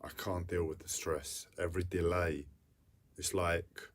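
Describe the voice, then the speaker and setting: A distressed man in an unscripted personal vlog, talking in halting, repetitive bursts with a whiny edge. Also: sits low, steady tone. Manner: repetitive, halting, self-interrupting. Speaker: livestreamer.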